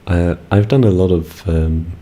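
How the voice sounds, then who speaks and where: A man's voice: low-pitched, a little slow, dark tone. A young British man chatting casually with his live-stream audience, laid-back and giggly, rambling with fillers. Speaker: ASMR streamer.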